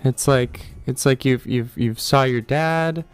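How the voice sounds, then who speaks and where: A man's voice: medium pitch, slow, clean tone, dry recording, close to an everyday voice. A man playing a chatty, confused teacher appearing on a TV screen, rambling and restarting his sentences.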